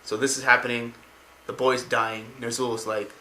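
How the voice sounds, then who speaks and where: A man retelling a story in a casual way, excitedly rambling and swearing as he goes. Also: mid-range voice, normal speed, a little hiss or hum. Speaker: lore explainer. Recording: roomy home recording.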